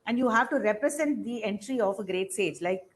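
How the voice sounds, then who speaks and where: A middle-aged woman with an Indian English accent gives an academic lecture at a middle pitch. She speaks off the cuff, pausing on fillers and restarting phrases as she gathers her thoughts. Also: lively intonation, a little hiss or hum, low-quality recording. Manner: unscripted, halting, many fillers and restarts. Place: lecture hall.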